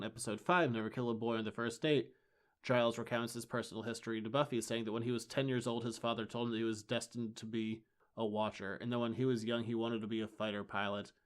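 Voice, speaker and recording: A man co-hosting a podcast, chatting casually as he recaps comic book issues. He is wry and enthusiastic. His voice sits at an ordinary middle pitch. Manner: enthusiastic, wry, acts out lines in quick bursts. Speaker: podcast co-host.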